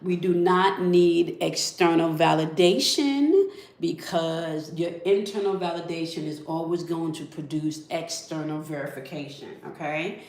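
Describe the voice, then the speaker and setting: A woman leading a guided spiritual energy check-in, calm and coaxing, who often ends her phrases with "okay?". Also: sits low, unhurried. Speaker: spiritual reader. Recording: echoey room.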